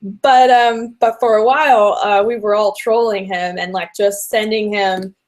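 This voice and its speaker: A woman telling a story in a casual podcast chat, animated and acting out the people she quotes. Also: mid-range voice, unhurried. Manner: animated retelling with quoted voices.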